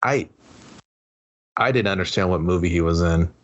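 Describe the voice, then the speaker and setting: Deep-voiced joking man reviewing movies. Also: dull audio. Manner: profane, jokey, acts out movie characters in quick impressions. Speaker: podcast co-host. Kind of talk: casual movie review chat.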